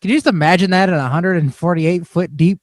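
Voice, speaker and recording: On a casual podcast, a male co-host chats, joking and laughing often. His voice is high-pitched and fairly quick, captured in a dry recording.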